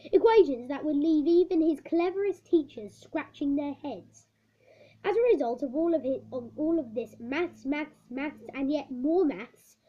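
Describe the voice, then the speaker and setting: A woman reading a children's book aloud, stumbling over words and correcting herself. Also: sits high. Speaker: storybook reader. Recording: dull lo-fi recording.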